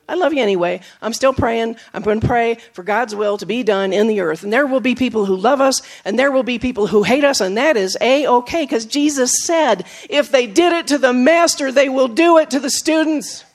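A woman's voice: fairly quick, few pauses. Emphatic woman preaching a sermon. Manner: storytelling, with acted quotes and laughs; swings from emphatic to soft and low.

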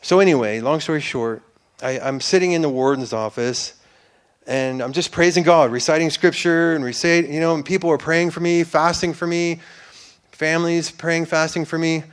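Man, church testimony, earnest, rambling, fervent preaching peaks, fairly high voice. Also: fairly even intonation, moderate pace, clear, resonant tone. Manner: earnest and rambling, with many restarts and fillers; builds to fervent, preacher-like declarations. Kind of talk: personal faith testimony.

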